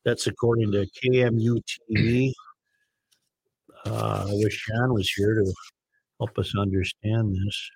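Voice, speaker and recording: A man's voice: lowish voice, little pitch movement, unhurried, gravelly, pauses often, a little mellow, husky, dry recording, rough recording. A man hosting a talk radio show, reading news and this-day-in-history items in a casual, conversational way. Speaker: radio host.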